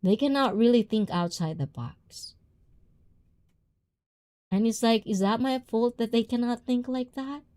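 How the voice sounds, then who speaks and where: A woman's voice: a little high, measured pace, pauses often, a little mellow. A woman livestream host, not a native English speaker, talking bluntly and reading viewer comments aloud. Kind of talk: casual talk with chat.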